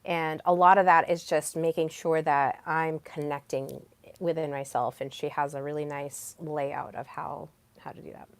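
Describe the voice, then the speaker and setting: A woman's voice: low-pitched, little pitch movement, normal speed, no echo. A young woman hosting a solo self-help podcast, talking in an earnest coaching tone with plenty of fillers. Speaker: podcast host.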